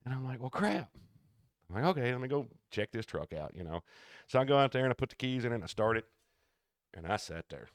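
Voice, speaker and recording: A man co-hosting a podcast, telling work stories in a casual, animated way and acting out the people he quotes. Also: medium pitch, fast talker, no echo, studio quality. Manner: animated storyteller who acts out quoted people. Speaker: podcast co-host. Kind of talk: casual storytelling chat.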